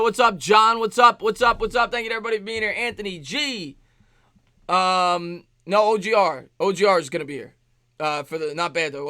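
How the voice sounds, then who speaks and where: Bright high-pitched man streaming live. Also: no room sound. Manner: rapid shout-outs to chat viewers. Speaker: sports streamer. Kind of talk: live stream chat before a game.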